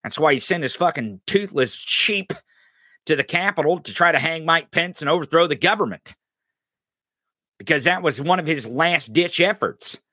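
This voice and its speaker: A man's voice: a little high, animated, moderate pace, pushed and bright, no room sound, clean studio sound. A man hosting a podcast, ranting angrily and profanely in political commentary, mocking his opponents. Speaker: podcast host.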